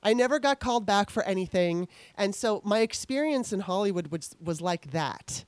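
An earnest woman hosts a casual interview, mid-pitched and rambling, circling back and restarting her sentences as she talks. The recording is dry and close to the mic. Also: lively intonation, moderate pace, darkish tone, no echo. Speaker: podcast host.

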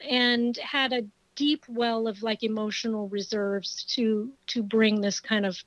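A middle-aged woman with a somewhat high voice speaks as an interview guest, frank and animated as she tells stories from her acting career. The sound is dry and close, with no room around it. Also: measured pace, no echo, highs cut off. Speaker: actress guest. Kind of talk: casual conversational interview.

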